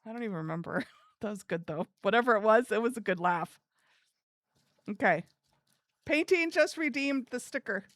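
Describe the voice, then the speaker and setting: A woman live streamer chatting casually with her viewers in an animated, giggly way. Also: a little high, moderate pace, long pauses, no echo, clean studio sound.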